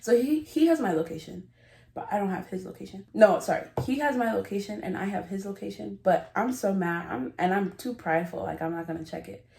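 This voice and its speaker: A woman's voice: medium pitch, brisk, gravelly, mellow. A woman vlogger telling a rambling, giggly story in casual confessional chat, often cutting herself off. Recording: roomy echo.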